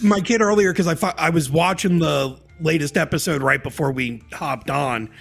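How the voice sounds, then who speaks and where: A man's voice: fairly high pitch, normal speed, creaky, fairly bright tone. A man co-hosting a podcast, talking in a loose, profane and rambling way as he chats casually. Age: adult parent. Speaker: podcast co-host.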